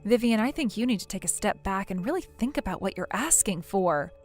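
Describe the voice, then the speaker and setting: A woman's voice: medium pitch, expressive, a little fast, a little mellow, faint music behind, close to an everyday voice. A woman voicing a blunt young female friend in a text-message story, lecturing firmly. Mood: stern. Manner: firm, lecturing.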